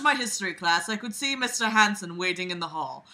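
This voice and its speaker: A woman's voice: mid-range voice, expressive, a little fast, hardly any pauses, bright, forceful tone. A woman reading a web story aloud at home, with sarcastic asides and laughter while playing with her cat. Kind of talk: casual reading with commentary.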